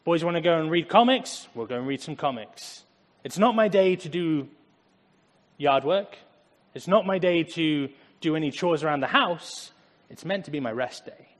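An English man with an English accent giving a casual, conversational Bible talk, animated and acting out little asides. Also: a little high, moderate pace, long reverb tail. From England. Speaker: Bible teacher.

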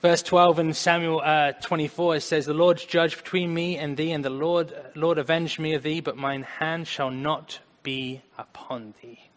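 A man preaching a conversational sermon, earnest, swinging between loud emphasis and quiet asides. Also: on the high side, steady tone, a little slow, hardly any pauses. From United States. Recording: long hall reverb.

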